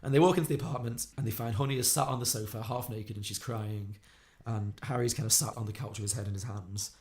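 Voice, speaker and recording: A man on a podcast, retelling a film plot quickly and acting out the characters' lines. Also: fairly low pitch, fairly even intonation, a little mellow. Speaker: podcast co-host. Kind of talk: casual film podcast recap.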